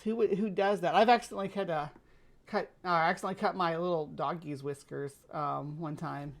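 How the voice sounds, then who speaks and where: Low, gravelly American woman, wry reaction host, skeptical jokes. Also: fairly even intonation, a little fast. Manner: skeptical, joking asides. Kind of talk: reaction commentary.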